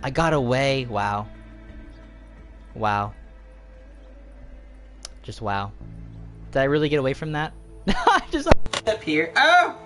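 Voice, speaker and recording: Let's play host: panicky, excitable, big swings in pitch, quiet game music underneath. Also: takes it slowly, long pauses. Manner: excitable, shrieks and panicked outbursts. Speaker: gaming video host.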